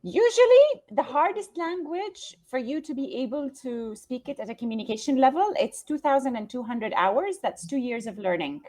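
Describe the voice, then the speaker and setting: A woman with a London English accent tutors a student over a video call, encouraging him with praise between hesitant ums and uhs. Her voice is a little higher than most women's. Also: lively intonation, normal speed, hardly any pauses, a little mellow. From London, England. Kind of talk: casual video call conversation.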